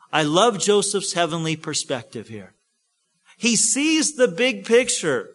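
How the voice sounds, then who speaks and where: Dramatic male pastor preaching, slow and emphatic. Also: high voice, big pitch swings. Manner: dramatic, swings from hushed to loud when acting out quotes. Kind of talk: sermon.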